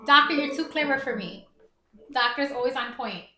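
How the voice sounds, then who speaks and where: Bright, high-voiced woman chatting on stream. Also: moderate pace. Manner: candid, chatty, laughs often. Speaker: livestream host. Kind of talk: casual chat. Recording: echoey room.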